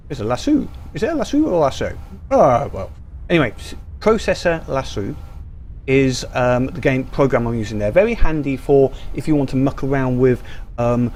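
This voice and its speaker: A man's voice: mid-range voice, darkish tone, slight background noise. A man giving casual, rambling gameplay commentary full of ums and restarts, recorded over a screen capture. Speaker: gaming YouTuber.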